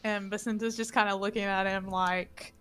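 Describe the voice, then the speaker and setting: A woman playing a tabletop game, narrating her character's actions in an animated, theatrical way. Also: mid-range voice, moderate pace, clean tone. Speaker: player. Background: faint music.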